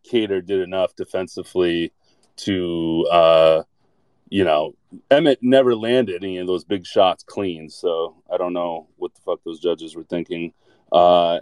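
Dude rambling casually, lots of ums, smooth voice, dry close sound. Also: male voice, on the low side, a little mellow, dry recording. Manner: rambling with many fillers, blunt and jokey. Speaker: podcast segment contributor. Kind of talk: casual chat.

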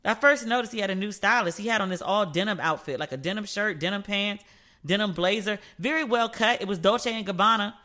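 A woman's voice: mid-range voice, a little fast. A woman hosting a casual chat show, sassy and playful, telling stories and acting out the people she quotes. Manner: animated storyteller who acts out quoted people. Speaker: podcast host. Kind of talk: casual chat, gossip commentary.

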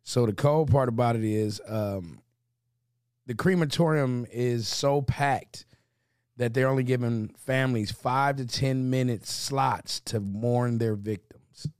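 A man's voice: mid-range voice, slow, darkish tone, smooth, dry recording, clean studio sound. Laid-back man telling stories on a podcast. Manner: loose storytelling, jumps into impressions. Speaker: podcast co-host. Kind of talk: casual banter.

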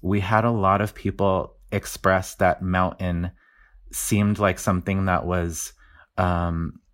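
A man's voice: low-pitched, level tone, takes it slowly. A man speaking as a linguist guest, explaining his research in a casual, enthusiastic way, often laughing and restarting words.

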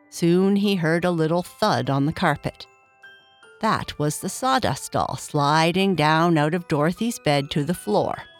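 Calm storybook narrator, female, deep-toned; soft background music. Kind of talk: storybook reading.

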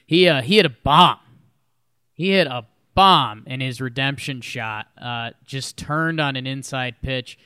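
A man's voice: mid-range voice, measured pace, bright, forceful tone, clean tone, dry recording, studio quality. A man co-hosting a casual sports podcast, retelling a moment with enthusiasm and laughter. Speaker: podcast co-host.

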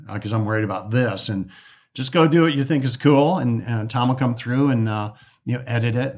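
In a relaxed interview, a man from around Detroit who designs golf courses shares stories, frequently starting over and performing the dialogue he quotes. His pitch is medium.

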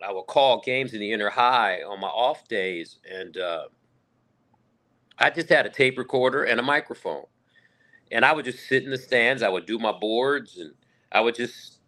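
Male guest sportscaster, bright tone, animated storyteller. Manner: animated storyteller, bursts into booming play-by-play calls. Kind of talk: storytelling in a podcast interview.

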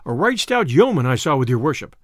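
A man's voice: medium pitch, sing-song, a little fast, no echo, clean studio sound. A man voicing a greedy, wily male innkeeper who fawns and then stubbornly demands payment, in old-fashioned speech. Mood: soothing.

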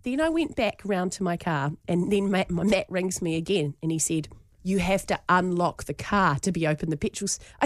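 A woman's voice: fairly low pitch, moderate pace, no echo, studio quality. A woman with a New Zealand accent, co-hosting a breakfast radio show and telling a story with laughs and acted-out lines. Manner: animated, laughing, acts out her own lines. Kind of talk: casual on-air storytelling. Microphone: studio microphone.

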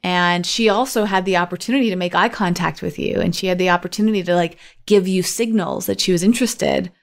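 A woman co-hosting a podcast talks thoughtfully and ramblingly in casual chat, using many fillers. Her voice is gravelly, fairly low in pitch, and fairly quick.

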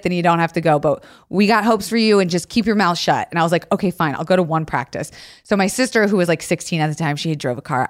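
A young woman co-hosting a podcast, telling a story in casual chat and swearing freely. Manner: swearing, gets loud and high when acting out her story. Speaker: podcast co-host.

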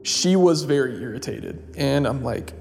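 A man's voice: medium pitch, lively intonation, measured pace, a little mellow. A man telling a personal story in a casual, rambling way, full of fillers and restarts. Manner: rambling, full of "like" and "you know". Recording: long reverb, faint music.

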